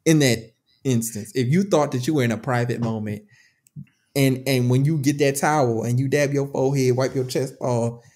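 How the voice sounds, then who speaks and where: A woman co-hosting a podcast, chatting casually and telling stories in a loud, profane, laughing way. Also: extremely low pitch, moderate pace. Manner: animated, profane, laughing storyteller. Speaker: podcast co-host. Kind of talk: casual chat.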